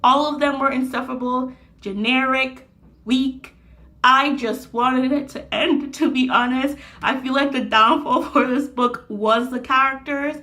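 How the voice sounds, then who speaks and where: A woman's voice: high voice, steady tone, a little slow, pushed and bright. A young woman talking casually about a book she is reading, slangy and swearing freely as she rants. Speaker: book reviewer. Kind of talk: casual book review vlog.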